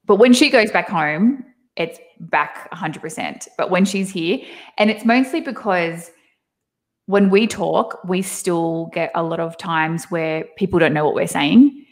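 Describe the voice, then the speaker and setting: A young woman with a thick Australian accent, chatting casually as an interview guest over a video call from home. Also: on the low side. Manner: chatty, animated storytelling with quick laughs.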